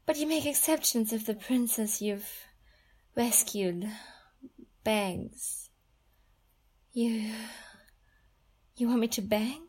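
A woman's voice: on the high side, slow pace, long pauses, a little mellow. A woman playing a breathless, pleading young princess. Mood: coy teasing. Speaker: audio role-play performer. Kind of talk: intimate audio role-play.

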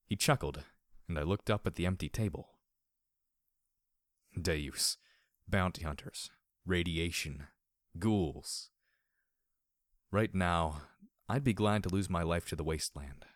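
Deep-voiced male audiobook narrator. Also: slow, long pauses, no echo, studio quality. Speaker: audiobook reader. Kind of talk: first-person story narration.

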